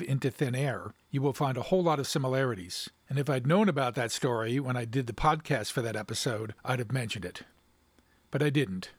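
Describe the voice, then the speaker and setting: Measured male podcast host, dry sound. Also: mid-range voice, no room sound. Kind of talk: reading a story aloud and commenting.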